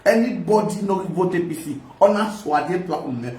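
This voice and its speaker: A man with a Nigerian accent hosting a live video, giving a loud, sing-song political rant that mixes pidgin and local languages. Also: sits high, lively intonation, moderate pace, far from the mic, a little hiss or hum. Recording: echoey room.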